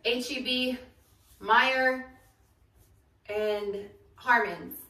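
A woman's voice: on the high side, steady tone, very slow, bright, forceful tone. Chatty woman vlogging in an echoey room. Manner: chatty, full of "um" and "like" fillers. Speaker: brand co-founder and vlog host. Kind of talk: casual home vlog chat. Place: home room during lockdown. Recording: echoey room, mic at a distance, background noise.

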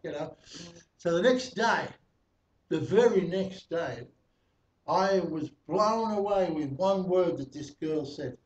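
A man's voice: fairly high pitch, lively intonation, slow, darkish tone. Man preaching from far off in an echoey room. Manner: chatty storytelling with frequent laughs and fillers. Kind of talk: testimony sermon. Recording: echoey, distant, dull, slightly noisy.

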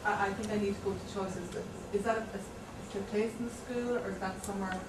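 A woman visitor asking a teacher halting, hesitant questions. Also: mid-range voice, steady tone. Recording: echoey room, distant mic, noisy.

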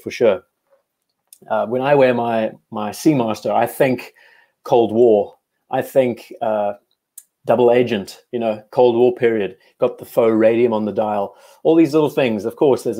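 South African male host, mellow warm tone, casual enthusiastic live-stream chat. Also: medium pitch. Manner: chatty, enthusiastic, frequent restarts.

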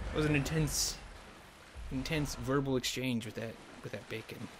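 A man's voice: medium pitch, normal speed, background noise. A man giving jokey let's play commentary, rambling and muttering to himself as he plays. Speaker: gamer.

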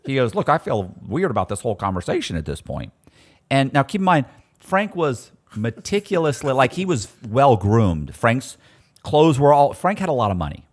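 A man with a medium-pitched voice, talking at a moderate pace, is a guest casually telling prison stories. He's animated and acts out the voices of the people in them.

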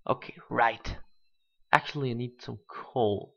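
A gaming channel host giving let's play commentary, thinking aloud and bursting into excited exclamations, on a dull lo-fi home mic. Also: medium pitch, takes it slowly.

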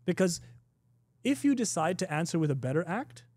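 Middle-aged guy teaching a class, mellow dry voice, laughs a lot, lots of "you know". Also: high-pitched, big pitch swings, normal speed, no room sound. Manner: conversational, laughs often, many restarts and "you know"; acts out quoted exchanges in a raised voice. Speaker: Islamic teacher. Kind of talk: informal recorded class.

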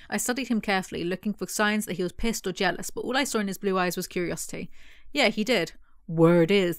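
A woman's voice: mid-range voice, no echo, clean studio sound. Sarcastic woman reviewing a book. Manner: sarcastic, mocking asides. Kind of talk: casual book review, reading passages aloud.

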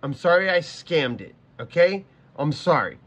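A man on a livestream talks straight to his chat, his voice sitting a little higher than most. He stumbles and restarts, circling back to the same phrases in a flustered, casual way. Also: very animated, moderate pace, fairly bright tone, husky. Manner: flustered, stammering, repeats himself. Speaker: streamer.

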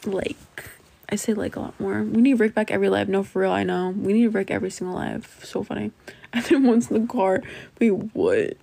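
A woman's voice: mid-range voice, fairly even intonation, brisk, creaky, warm tone. A young woman on a casual live stream, reading her chat, breathless and giggling, saying like and legit over and over. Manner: giggly, keeps laughing, says like and legit a lot. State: breathless from laughing.

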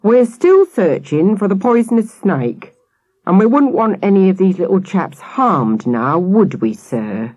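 A woman's voice: mid-range voice, sing-song, unhurried, mellow, no room sound, pitched above the performer's own voice. A woman reading a storybook, voicing a stern, suspicious adult policeman who speaks through gritted teeth. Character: menacing, gruff grown-up policeman.

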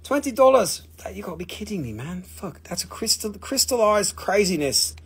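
Husky profane man selling rocks live. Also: sits high, animated, a little fast. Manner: profane, rambling, joking. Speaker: live stream rock seller. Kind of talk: casual live sales stream.

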